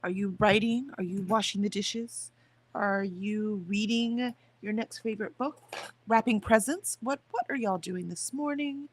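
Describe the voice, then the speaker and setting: Speaking a little slowly in a mid-range voice, this woman hosts a livestream where she rambles casually about her morning. She's chatty, talking both to her viewers and to her dog.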